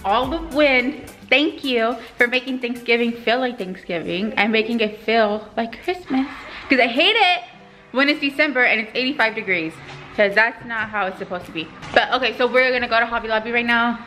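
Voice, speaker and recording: A woman's voice: fairly high pitch, fairly quick, pushed and bright, faint music behind. A young woman vlogging casually to the camera, chatty and playful, often giggling. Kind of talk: casual vlog chat to camera.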